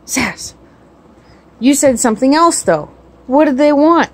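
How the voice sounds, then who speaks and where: A woman's voice: sits high, expressive, a little slow. A woman at home filming her cat on a phone, talking baby talk in coaxing, sing-song questions. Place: home indoors. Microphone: phone camera.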